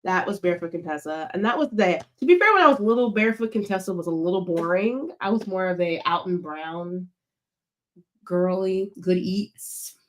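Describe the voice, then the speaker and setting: A woman's voice: lowish voice, normal speed, fairly bright tone. Rambling chatty young woman. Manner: rambling, filler-heavy, giggly. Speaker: co-host. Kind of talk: casual chat.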